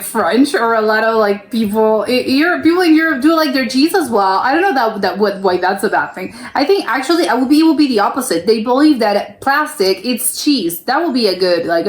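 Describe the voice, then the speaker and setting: A woman's voice: fairly high pitch, animated, fairly quick. Woman, American accent, casual reaction chat, hesitant, filler-heavy, echoey room. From United States. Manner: chatty and hesitant, full of "like" and restarts. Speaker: reaction video host.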